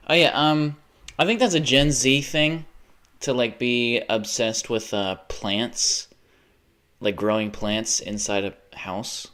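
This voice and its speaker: A man's voice: fairly low pitch, a little slow, a bit bright. Rambling, jokey young American man. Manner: rambling and jokey, laughs often, slips into silly voices. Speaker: live streamer. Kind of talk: casual live-stream chat.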